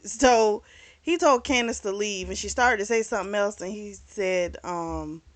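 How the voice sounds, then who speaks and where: A woman's voice: mid-range voice, a little slow. Chatty woman casually recapping a novel. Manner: chatty and informal, retells scenes by briefly acting out the characters' lines; mild swearing, frequent fillers. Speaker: book club host reviewing a novel.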